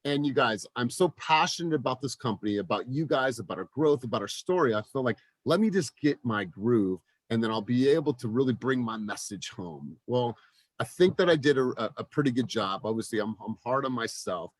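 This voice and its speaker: A man's voice: medium pitch, brisk, dry recording. Forties guy coaching his realtor team, pumped up, keeps repeating himself, dry close sound. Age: 40s. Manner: energetic, repeats words and restarts often. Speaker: real estate team coach. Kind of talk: motivational coaching talk.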